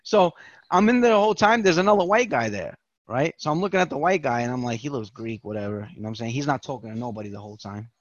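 Animated profane New storyteller man. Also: a little high, very fast, no room sound, dull audio. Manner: animated, profane, acts out quoted voices. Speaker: podcast guest telling a story. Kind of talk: casual storytelling chat.

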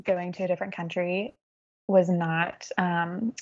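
A woman's voice: fairly low pitch, level tone, measured pace, darkish tone, highs cut off. A young woman from Texas, a teacher, chatting as a podcast guest with lots of fillers and laughter. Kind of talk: casual conversation.

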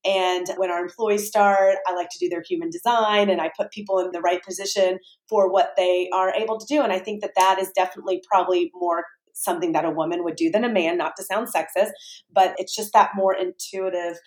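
A woman's voice: lowish voice, fairly even intonation, a little fast. Candid woman in an echoey room. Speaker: restaurant owner. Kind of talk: candid interview answers.

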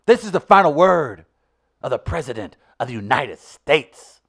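A man putting on a theatrical reading of a politician's statement, swinging between whispers and loud declarations. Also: medium pitch, big pitch swings, moderate pace, vocal fry, exaggerated voice. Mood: hammy.

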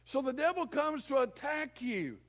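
A male preacher giving a folksy, animated sermon full of homely comparisons. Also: very high-pitched, moderate pace.

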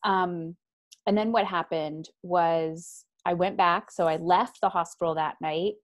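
Frank woman telling her story, low voice. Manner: frank and animated, acts out quoted voices, quick asides. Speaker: guest, author. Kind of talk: candid personal storytelling in conversation. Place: lives in Ontario, Canada.

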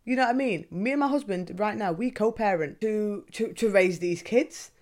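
A woman's voice: mid-range voice, moderate pace, darkish tone. A young woman hosting a podcast, talking in a candid, confessional way and swearing freely. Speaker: podcast host. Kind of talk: casual confessional monologue.

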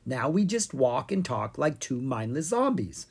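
A reader voicing a clever, brisk young female dragon in a children's storybook. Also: mid-range voice, sing-song, gravelly, breathy edge, exaggerated voice. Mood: bossy.

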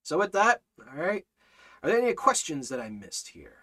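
A man teaching a Bible study and preaching urgently, in a lively, animated way. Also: a little high, normal speed. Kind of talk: evangelistic preaching and live-stream Bible study.

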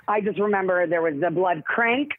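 A woman actress in a casual interview, telling stories in a rambling, self-interrupting, animated way with a husky voice. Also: lowish voice, normal speed, slight background noise. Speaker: actress guest. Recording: tinny phone-like line, dry.

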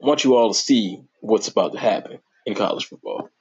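Excitable man on a lo-fi sports podcast. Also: a little fast, breathy edge. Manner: animated, voice jumps high when excited; informal, slangy and playful. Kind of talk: casual sports talk. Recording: dull lo-fi recording.

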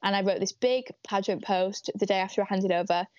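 A woman's voice: mid-range voice, brisk, no room sound. Teen girl, chatty interview guest; dry, lo-fi call audio. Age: late teens. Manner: chatty, giggly, fillers like "like" and "literally". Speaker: pageant titleholder guest. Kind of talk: casual interview chat. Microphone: video call. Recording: dry, dull lo-fi video call.

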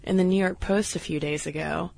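A woman co-hosting a podcast in casual chat, wry and quick to laugh, a little hoarse from a cold. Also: on the low side, steady tone, darkish tone, no echo. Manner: chatty, wry, laughs easily. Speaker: podcast co-host.

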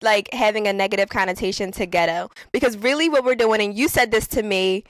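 A woman chatting casually and animatedly, full of slang and quick stories. The sound is dry and close, with no room around her voice. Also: mid-range voice, no echo. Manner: animated, laughing, slangy storytelling. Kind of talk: casual conversation.

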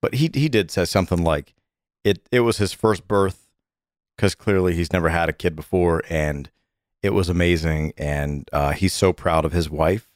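A middle-aged man co-hosting a casual chat podcast, animated and chatty with many fillers. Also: low voice, moderate pace, no room sound, clean studio sound. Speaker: podcast co-host.

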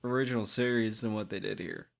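Blunt man over loud noise. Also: lowish voice, fast talker, creaky. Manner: blunt, dismissive. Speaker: podcast co-host. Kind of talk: casual chat. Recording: loud background noise with clicks.

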